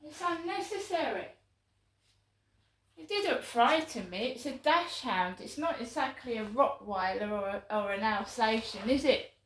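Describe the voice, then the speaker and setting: A chatty woman tells her story in a flustered, rambling way, often restarting her sentences. Her voice sits a little high. She records on a handheld phone while walking outdoors at night, and the sound is echoey. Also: expressive, a little slow, a bit bright. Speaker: vlogger. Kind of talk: casual vlog monologue.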